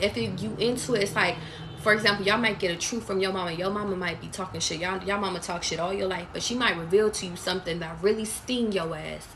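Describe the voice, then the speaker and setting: A woman's voice: mid-range voice, a bit bright, slight background noise. A woman reading tarot live for her viewers, blunt and profane, calling them baby. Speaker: tarot reader. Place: away from home.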